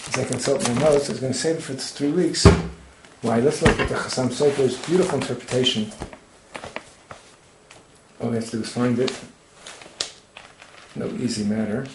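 A man's voice: medium pitch, roomy sound, noisy background. A man giving a Torah lecture, quoting Hebrew texts and translating them as he explains. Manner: expounds texts, quotes Hebrew then translates. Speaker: Torah teacher.

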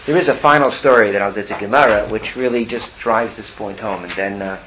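A man's voice: lowish voice, fairly quick, a little hiss or hum, rough recording. Male Torah teacher telling a story. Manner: animated storyteller who acts out quotes. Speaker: religious teacher.

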